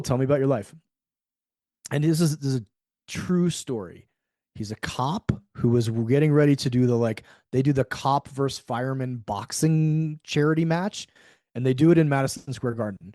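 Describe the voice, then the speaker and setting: A middle-aged man, a podcast guest, telling a story in a lively way, acting out the quoted dialogue and swearing freely. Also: mid-range voice, no echo, studio quality. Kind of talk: storytelling in a conversational interview.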